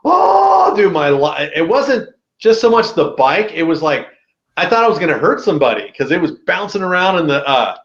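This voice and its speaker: A man as a podcast guest telling a story in a casual, animated way, with a lot of slang. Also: a little high, a little fast, echoey room, muffled recording.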